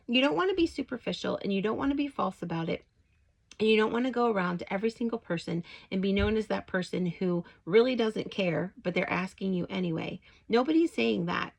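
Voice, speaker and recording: A woman's voice: medium pitch, fairly quick, gravelly, rough recording. A middle-aged woman telling a personal story in a chatty, casual way, with many fillers, and turning it into a devotional message. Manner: chatty, with frequent fillers and rising excitement when retelling greetings. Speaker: Christian faith vlogger.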